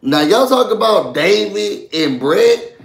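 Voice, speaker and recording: A man casually recapping a reality show for his viewers, animated and chatty, often calling out to them. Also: sits high, slow, vocal fry, echoey room. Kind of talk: casual live recap chat.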